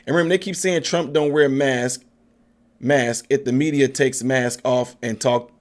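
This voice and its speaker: A man's voice: medium pitch, fairly even intonation, moderate pace. A man hosting a casual political livestream, chatting loosely and answering viewer comments. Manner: chatty, laughs often, coos at his dog in a soft baby-talk voice.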